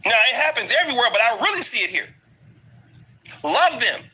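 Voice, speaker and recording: This commentary vlogger is a middle-aged man from the United States with an African American English accent who lives abroad. His voice is very high, sharp and slightly rough, swinging widely in pitch at a brisk clip as he repeats the same points in a blunt, emphatic rant, captured on a low-quality recording.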